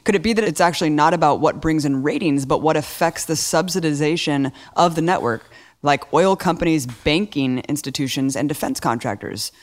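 A man's voice: on the high side, fairly quick. Indignant sarcastic man talking politics. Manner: indignant, sarcastic, builds rhetorical questions. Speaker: podcast co-host. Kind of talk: casual political chat.

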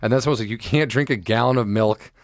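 A man's voice: medium pitch, fast, no room sound. Young male podcast co-host, loose jokey storyteller, dry close recording. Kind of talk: casual chat.

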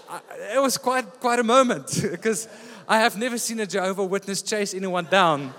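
A fairly high-voiced man preaches a sermon, telling stories in a lively way. His voice rings out in a church hall with a long echo. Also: moderate pace, few pauses. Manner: lively storytelling preacher, often laughing. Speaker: pastor.

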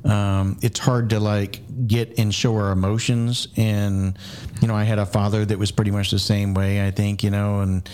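A man with a fairly low voice hosts the interview. He asks long, rambling questions and reflects, hesitating as he goes. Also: little pitch movement, moderate pace, a little mellow, slight background noise. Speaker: podcast host.

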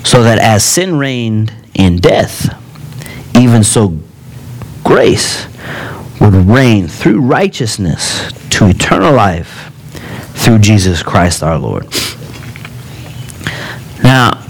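A man preaching a sermon in a relaxed, conversational way, with joking asides between earnest points. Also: on the low side, takes it slowly, long pauses.

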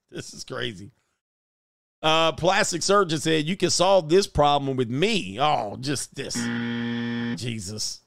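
Exasperated man with a gravelly voice. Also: a little high, a bit bright, dry recording, clean studio sound. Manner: exasperated, joking, crude. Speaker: commentator reacting to clips. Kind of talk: casual reaction commentary.

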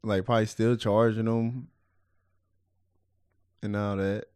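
A man co-hosting a podcast, chatting casually with animated, jokey reactions. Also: on the low side, takes it slowly, smooth, dry recording, clean studio sound. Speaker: podcast co-host.

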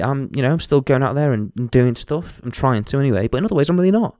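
A man's voice: medium pitch, animated, fast, few pauses, darkish tone, dry recording, studio quality. Frank sweary man. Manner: frank, sweary and self-mocking, with mocking impressions. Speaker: podcast host. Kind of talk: candid solo podcast monologue.

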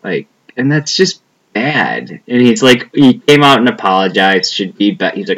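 A man's voice: fairly low pitch, animated, moderate pace, fairly bright tone, highs cut off. A young man chatting casually as a podcast co-host, rambling and profane, trailing off with a lot of "like". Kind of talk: casual chat.

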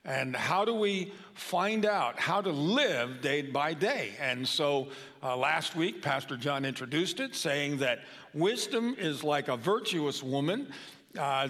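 A man's voice: fairly high pitch, fairly bright tone. Older man preaching in a reverberant church. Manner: conversational, with fillers. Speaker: guest preacher. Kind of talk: sermon. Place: church sanctuary. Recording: long hall reverb.

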